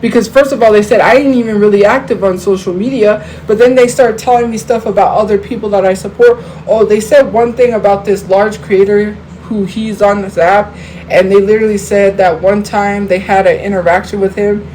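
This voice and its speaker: A woman's voice: mid-range voice, steady tone, a little fast, mellow, rough recording. Woman ranting on her livestream, kinda all over the place, lots of um and like, middle voice, little bit of background noise. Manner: heated, rambling, with many fillers and restarts. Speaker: livestream host. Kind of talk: casual livestream talk to viewers.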